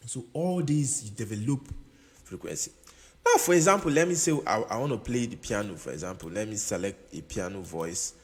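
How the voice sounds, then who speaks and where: A man with a lowish, expressive voice talks briskly as he plays a keyboard in a casual music production tutorial. He often repeats himself and checks that the listener is following. The room has a long reverb, with keyboard music in the background.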